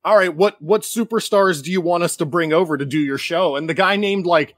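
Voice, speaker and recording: A man co-hosting a podcast, chatting casually with animated, sarcastic rants. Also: high-pitched, a little fast, no room sound. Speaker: podcast co-host. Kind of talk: casual chat.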